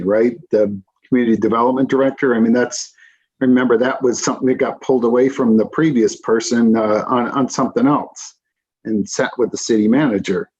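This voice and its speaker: A man's voice: mid-range voice, a little mellow, husky. A man on a city council speaking in a meeting, frank and dry, stopping and restarting often. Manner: hesitant, many restarts and fillers. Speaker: council member. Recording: slightly dull lo-fi audio.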